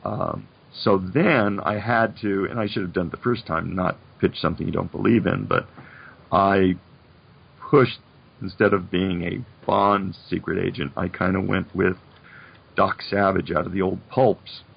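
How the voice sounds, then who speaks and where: An older man in his seventies spins long stories in a casual chat, his voice low, husky and full of gravel. The recording sounds dull and slightly lo-fi. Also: steady tone, measured pace. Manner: reflective storyteller, many "you know"s. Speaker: guest, animation producer.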